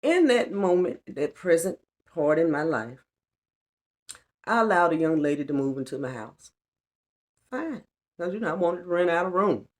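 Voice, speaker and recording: A woman's voice: fairly low pitch, lively intonation, normal speed, pauses often. A middle-aged woman giving an earnest, colloquial personal testimony on a spiritual vlog, repeating lines for emphasis. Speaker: spiritual vlogger.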